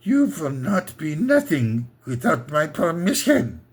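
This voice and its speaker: A man putting on a gruff, bossy old dad, slow and heavy. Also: on the high side, huge pitch swings, heavily acted. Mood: stern. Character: stern domineering old father, man.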